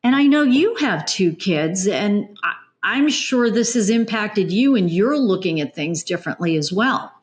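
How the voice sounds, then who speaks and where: A middle-aged woman hosting a podcast, chatting in a lively, emphatic and conversational way. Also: mid-range voice, unhurried. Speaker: podcast host. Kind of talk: casual interview chat.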